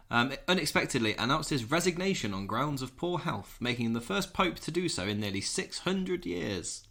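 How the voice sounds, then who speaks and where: A man in his thirties co-hosts a casual podcast with a bright, forceful voice. His pitch moves up and down freely as he reads out old news items. He drops jokey asides between them. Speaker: podcast co-host. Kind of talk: casual chat.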